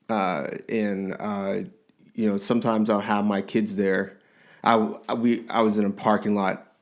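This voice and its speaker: A man in his forties co-hosting a podcast, telling a story in casual chat with lively restarts and frequent laughs. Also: on the low side. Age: 40s. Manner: animated storyteller, rambling restarts, laughs often. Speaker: podcast co-host.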